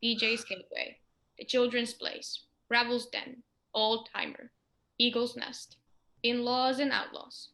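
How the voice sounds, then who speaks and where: A woman playing a reporter who narrates her trip down the coast, describing places in a steady, reflective way. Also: fairly high pitch, measured pace, creaky, heavily acted. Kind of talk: stage narration.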